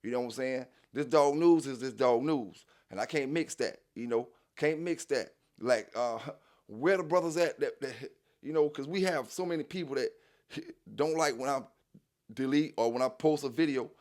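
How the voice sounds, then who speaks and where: A man's voice: mid-range voice, normal speed, a little mellow. A man hosting a dog news channel, talking casually to viewers in a repetitive, preachy street style full of "you know what I'm saying.".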